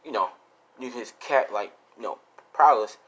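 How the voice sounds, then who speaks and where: A man's voice: mid-range voice, moderate pace, a bit bright, husky, low-quality recording. A young man improvising a fan-fiction story in a loose, rambling, casual way with lots of fillers and swearing.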